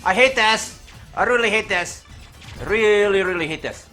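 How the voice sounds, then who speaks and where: A man giving frantic let's play commentary, panicking loudly and joking. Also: sits high, moderate pace, soft background music. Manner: animated, joking. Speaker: gaming channel host.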